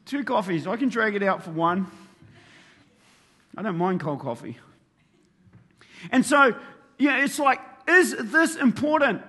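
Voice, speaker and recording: Guy preaching with a really high bright voice, acts out his stories, big hall echo. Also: measured pace, long pauses. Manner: animated storytelling, acts out his own thoughts. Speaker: pastor. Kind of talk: sermon. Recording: long reverb of a large hall.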